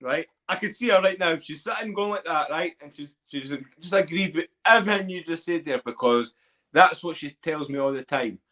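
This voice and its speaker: A man's voice: fairly high pitch, normal speed, pushed and bright. Candid man hosting a podcast. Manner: candid, self-questioning, swears. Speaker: podcast host. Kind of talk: casual chat.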